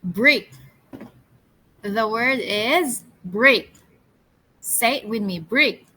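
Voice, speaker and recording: A woman teaching English to young children, speaking slowly and clearly, drilling words for them to repeat and praising them. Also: on the high side, bright, forceful tone, rough recording. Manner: slow, clear, encouraging, drills words for repetition. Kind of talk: classroom storytelling lesson for children.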